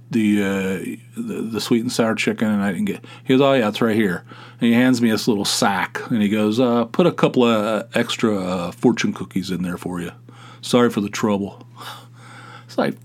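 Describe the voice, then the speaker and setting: A middle-aged man hosting a podcast, telling a casual rambling story with many restarts and exasperated asides. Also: medium pitch. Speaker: podcast host. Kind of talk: casual monologue.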